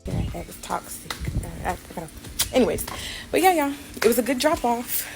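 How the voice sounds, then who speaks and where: A woman's voice: a little high, big pitch swings, a little fast, vocal fry, over music. A woman chatting casually to camera about her life, rambling with lots of fillers. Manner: rambling, many fillers, giggly. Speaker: social media poster.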